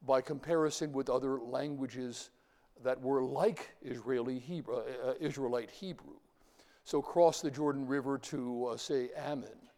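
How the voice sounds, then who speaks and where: A man's voice: mid-range voice, mellow. A man giving an informal lecture, talking in a rambling way with fillers and repeated words. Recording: long hall reverb.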